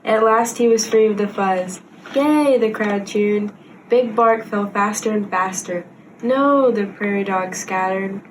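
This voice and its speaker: Young woman reading a storybook slowly. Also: mid-range voice, little pitch movement, far from the mic, slight background noise, poor audio. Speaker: team member reading aloud. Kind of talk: storybook read-aloud.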